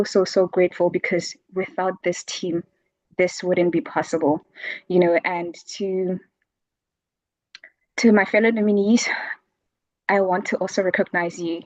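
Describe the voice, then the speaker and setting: A woman accepting an award over a video call, her voice low for a woman and flat in pitch. She sounds emotional and grateful, holding back tears, and the audio is dry and dull. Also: dry recording. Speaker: award winner. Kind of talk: acceptance speech.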